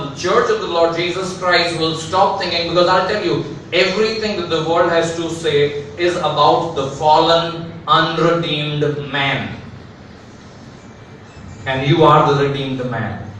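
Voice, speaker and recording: An Indian male pastor preaches a live sermon in a large church hall, speaking emphatically with repeated phrases and rhetorical questions. His voice is a little high and a bit bright, and his pace is a little slow. The distant mic picks up a very echoey hall and slight background noise.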